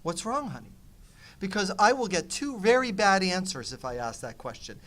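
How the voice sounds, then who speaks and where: Speaking briskly in a high-pitched voice, a middle-aged nonviolent communication teacher shares a personal story on a panel. He's animated and plays out both parts of the dialogue himself.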